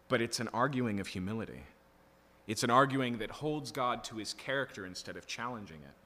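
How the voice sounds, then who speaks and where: A man's voice: mid-range voice, bright, forceful tone. A male pastor preaching an expository sermon in an earnest, emphatic teaching manner, checking in often with his listeners. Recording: long reverb of a large hall.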